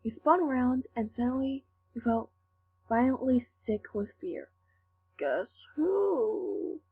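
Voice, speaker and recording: A woman reading fan fiction aloud, slowly and carefully. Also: fairly high pitch, steady tone. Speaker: fanfic reader. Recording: tinny lo-fi with faint hum.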